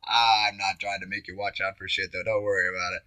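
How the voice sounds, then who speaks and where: A man rambling through a spiritual self-reflection, musing aloud, with his voice shifting between loud and hushed. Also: deep voice, level tone, fast, dry recording. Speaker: vlogger. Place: home on Maui.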